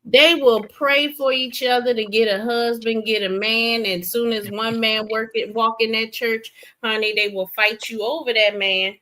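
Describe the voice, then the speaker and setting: Bright-voiced woman chatting animatedly. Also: fairly high pitch, normal speed, hardly any pauses. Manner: animated, emphatic storytelling. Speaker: streamer host. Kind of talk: casual chat. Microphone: streaming setup.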